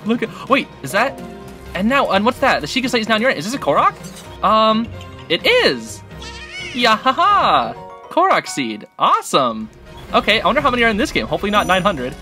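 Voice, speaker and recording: A man hosting a gaming channel, giving excitable, chatty commentary while he plays and talks to the characters on screen. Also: high-pitched. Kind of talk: casual gameplay commentary. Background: game music.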